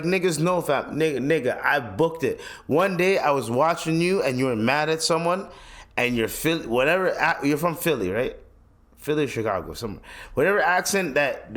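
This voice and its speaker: Profane, heated man ranting on a podcast. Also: on the high side. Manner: profane, blunt, heated opinion talk; rambling with frequent restarts and slang. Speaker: podcast host. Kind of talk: solo podcast rant.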